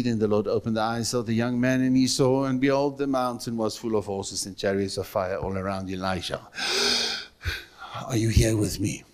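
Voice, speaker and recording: A man's voice: fairly low pitch, fairly even intonation, normal speed. A man with a South African accent preaching a sermon in a church, emphatic, repeating phrases and asking the congregation questions. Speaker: pastor.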